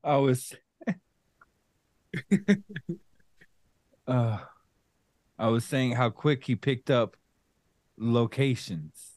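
Laid-back middle-aged dad chatting. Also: male voice, mid-range voice, fairly even intonation, very slow, pauses often, a little mellow, dry recording, studio quality. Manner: laid-back, laughs often, jokey. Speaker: co-host, father. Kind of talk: casual chat.

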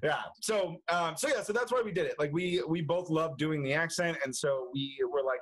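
A man's voice: a little high, moderate pace, few pauses, low-quality recording. Chatty young man. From United States. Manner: chatty, laughs often, many restarts. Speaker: movie reviewer, guest. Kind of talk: casual interview chat.

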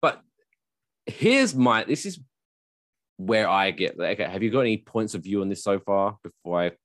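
A man hosting a podcast, chatting casually in a jokey, animated way and swearing freely. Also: lowish voice, moderate pace, no echo, clean studio sound. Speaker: podcast host.

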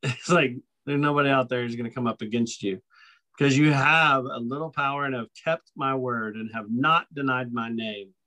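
A man's voice: mid-range voice, normal speed, pushed and bright, poor audio. A man co-hosting a podcast who teaches from the Bible in a casual way. He reads scripture passages aloud and repeats his points with emphasis. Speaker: podcast co-host.

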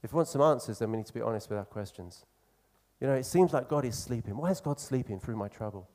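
A man preaching a sermon in an earnest, conversational way, slowing down to stress key phrases. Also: medium pitch, lively intonation, darkish tone.

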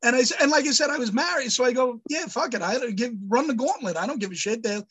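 Guy with a high voice ranting thru a story on a podcast, lots of swearing, gets loud. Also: quick pace, slightly rough, rough recording. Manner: animated storyteller, shouts in mock outrage, swears a lot. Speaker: podcast co-host. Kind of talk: casual chat.

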